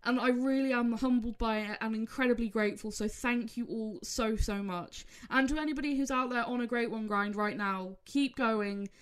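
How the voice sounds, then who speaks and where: A woman's voice: fairly high pitch, smooth. Emotional rambling woman gamer. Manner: rambling, halting, repeats herself. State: emotional, close to tears. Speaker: gaming content creator. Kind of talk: emotional video outro.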